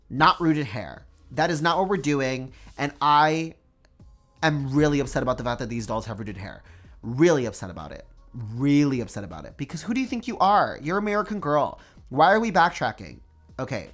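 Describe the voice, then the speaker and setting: A doll collector vlogger giving an emphatic, dramatic opinion rant to camera, repeating words for effect and using "like" often. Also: medium pitch. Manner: emphatic, dramatic repetition, frequent "like".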